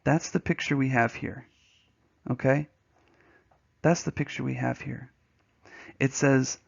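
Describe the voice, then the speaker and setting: A man teaching a poetry lesson, telling a story in an animated way and acting out voices and sounds along the way. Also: mid-range voice, unhurried, creaky, long pauses, slightly rough, highs cut off.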